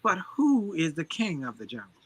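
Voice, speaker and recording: A man's voice: on the high side, huge pitch swings, moderate pace, fairly bright tone, breathy edge. A man giving a motivational talk as an interview guest, driving his points home with emphatic, preacher-like repetition. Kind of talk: energetic motivational storytelling.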